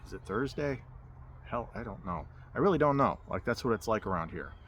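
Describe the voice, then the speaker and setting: Male vlogger, casual rambling storyteller, fairly low voice, outdoor recording with light noise. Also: animated, fairly quick, a bit bright, lo-fi sound. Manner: rambling, filler-heavy, with restarts and 'like'. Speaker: spiritual vlogger. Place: outdoors in a hammock.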